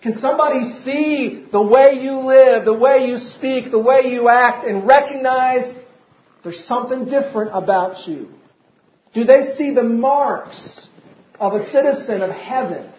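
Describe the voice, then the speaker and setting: A man preaches in a high, light voice, pressing his points with repeated questions. The sound is roomy and a little muffled, like a lo-fi recording made in a church sanctuary. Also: measured pace. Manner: preaching with rising emphasis and repeated rhetorical questions. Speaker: pastor. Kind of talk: sermon.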